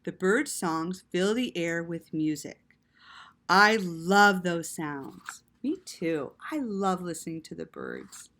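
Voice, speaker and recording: Bright, lively woman reading to kids. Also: fairly low pitch, takes it slowly. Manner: animated, with gasps and quiet asides. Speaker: storyteller reading to children. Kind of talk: children's read-aloud.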